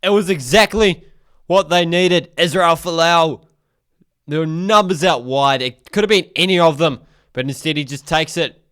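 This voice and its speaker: A man as a co-commentator, trading quick, joking banter in casual rugby commentary. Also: fairly high pitch, a bit bright, clean tone.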